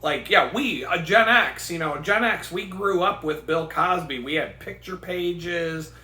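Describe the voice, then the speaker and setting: A man's voice: a little high, measured pace, pushed and bright. A man in his forties ranting casually on his vlog, rambling and profane, telling stories with bursts of laughter. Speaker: vlogger. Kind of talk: casual rant. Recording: echoey room.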